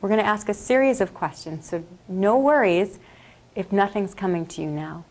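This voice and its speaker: A woman leading a workshop, guiding a group through a meditation in a slow, calm and soothing way. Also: medium pitch. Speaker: workshop leader. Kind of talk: guided meditation. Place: classroom or workshop.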